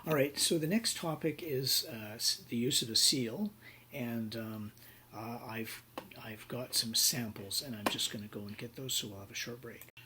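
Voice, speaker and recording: A man with a mid-range voice lectures on contracts at a university, speaking at a moderate pace while a crowd murmurs behind him. His delivery is conversational, full of fillers, and he role-plays examples to illustrate points.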